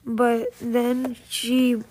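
A woman reading a fairy tale aloud, slow and measured, with small slips and restarts. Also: a little high, completely flat delivery, a little mellow. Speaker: storyteller.

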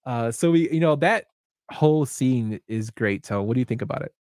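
A man's voice: medium pitch, expressive, normal speed, a little mellow, no echo, clean studio sound. A man co-hosting a casual film podcast, animatedly retelling scenes and acting out the dialogue. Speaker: podcast co-host. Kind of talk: casual movie discussion.

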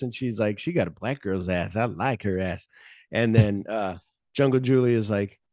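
A man's voice: lowish voice, a little slow, darkish tone, no room sound, studio quality. A man hosting a podcast, casually recapping film scenes and acting out the characters' lines. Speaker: podcast host. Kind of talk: casual movie discussion.

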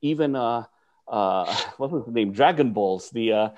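A man's voice: a little slow, highs cut off, a little hiss or hum. A man, a martial arts teacher, telling a story in conversation and acting out the voices of people he quotes. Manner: lively, acts out quotes with swings in pitch and volume.

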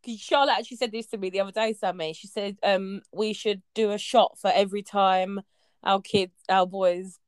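A woman's voice: medium pitch, fairly even intonation, moderate pace, clean tone, no room sound. A young adult woman co-hosting a casual podcast with friends, laughing often and rambling with fillers. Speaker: podcast co-host. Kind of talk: casual chat among friends.

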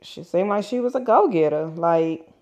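A woman's voice: on the low side, animated, moderate pace, darkish tone. A woman co-hosting a podcast, mostly chiming in with short colloquial affirmations. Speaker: podcast co-host. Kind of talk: casual chat, listener's interjections.

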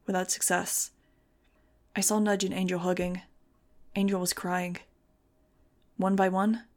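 A woman reading a first-person audiobook in an even, measured way. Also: lowish voice. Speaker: audiobook narrator.

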